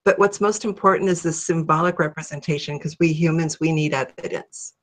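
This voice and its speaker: A middle-aged woman from Ohio, a guest in an interview, telling her story in a lively way and acting out her own thoughts. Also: sits low, fairly quick. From Ohio, USA. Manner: animated, acts out her own thoughts in a raised voice.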